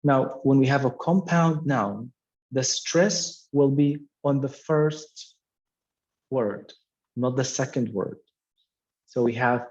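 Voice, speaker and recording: A man's voice: mid-range voice, takes it slowly, long pauses, darkish tone, lo-fi sound. A man teaching an English lesson, explaining patiently and repeating key words with frequent "okay" fillers. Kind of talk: classroom explanation.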